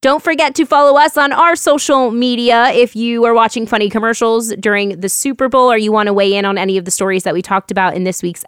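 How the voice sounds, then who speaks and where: A woman co-hosting a podcast, chatting casually and reading news stories in a bubbly, quick way with frequent laughs. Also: on the high side, fairly bright tone, smooth, no room sound, clean studio sound. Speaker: podcast co-host.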